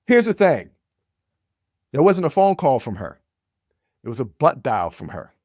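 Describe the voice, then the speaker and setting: A man hosting a podcast, telling a personal story in an animated way, speaking straight to his listeners. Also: mid-range voice, unhurried, no echo, clean studio sound. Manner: animated, addresses listeners directly. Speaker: podcast host. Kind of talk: storytelling monologue.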